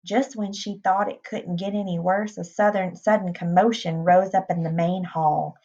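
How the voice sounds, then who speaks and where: A woman reading a novel aloud in a plain, unhurried way, with small restarts. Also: lowish voice, fairly even intonation, mellow. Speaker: reader. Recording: dull lo-fi recording.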